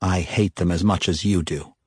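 A man's voice: deep voice, steady tone, normal speed, a little mellow, breathy edge, no room sound, studio quality. A man voicing a scheming female drow first priestess who insists on her loyalty in an earnest, raised tone. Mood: assuring. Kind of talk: audiobook character voice.

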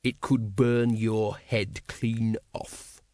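A hard-bitten middle-aged watch captain, as a male reader puts him on, talking low and unhurried with dry, quiet menace. The storybook voice sits close and dry on the mic, with almost no room around it. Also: flat delivery, dry recording. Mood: quietly menacing. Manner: soft, slow, menacing delivery. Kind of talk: audiobook character voice.

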